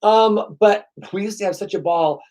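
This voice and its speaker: A man's voice: high voice, moderate pace, a little mellow. A man hosting his own show, rambling through stories with profane, sarcastic, self-mocking humor. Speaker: host. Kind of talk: rambling comedic monologue.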